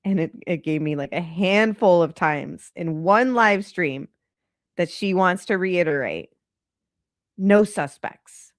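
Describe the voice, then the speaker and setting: A woman's voice: fairly low pitch, expressive, a little slow, dry recording, studio quality. A congested woman hosting a true crime channel, talking in a chatty, rambling, exasperated way. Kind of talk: casual commentary on a live stream.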